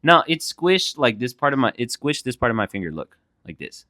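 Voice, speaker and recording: Co-hosting a laid-back podcast with a handheld mic, this young man speaks a little fast in a mid-range voice. His stories are animated, loaded with swearing, and every scene gets acted out.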